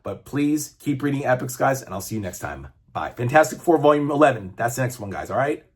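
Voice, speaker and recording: A man's voice: medium pitch, lively intonation, fairly quick, husky. A man in his fifties, a comic book reviewer, chatting casually and enthusiastically, rambling and swearing now and then. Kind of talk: casual chat.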